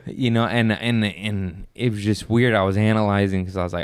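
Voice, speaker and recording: A man's voice: on the low side, fairly even intonation, normal speed, clean tone, no room sound. A male comedian in casual podcast chat, rambling and profane, often laughing mid-sentence.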